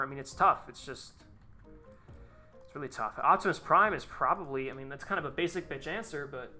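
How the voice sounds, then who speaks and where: Man streaming live, swearing and exasperated, rambling asides, a little higher voice, crisp bright tone. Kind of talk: casual live-stream chat while designing a tank.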